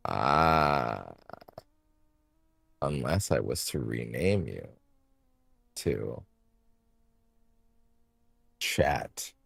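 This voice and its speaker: A man's voice: a bass voice, expressive, drawn-out words, vocal fry, long pauses, a bit bright, breathy edge, dry recording. A man streaming a game, rambling to himself as he fiddles with settings and corrects himself, on a studio microphone. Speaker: let's play streamer. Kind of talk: casual gameplay commentary.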